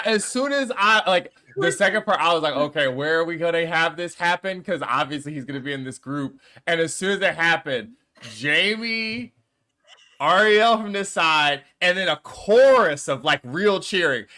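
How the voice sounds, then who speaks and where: Bright lively guy on a movie podcast, laughing through a story. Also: high-pitched. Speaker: podcast co-host. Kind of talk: casual film review chat.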